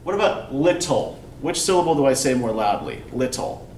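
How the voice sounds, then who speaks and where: A man's voice: medium pitch, big pitch swings, fast, darkish tone. A male college English instructor giving a classroom lecture, explaining patiently and often checking in with "right?". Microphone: recorder at a distance in the room. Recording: roomy distant classroom recording with faint background noise.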